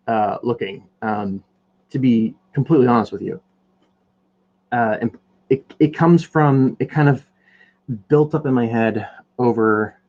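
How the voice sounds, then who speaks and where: A man's voice: mid-range voice, darkish tone, lo-fi sound. Rambling, jokey man on a podcast. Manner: rambling, jokey, self-deprecating. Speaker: podcast host. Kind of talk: casual rambling chat while painting on a stream.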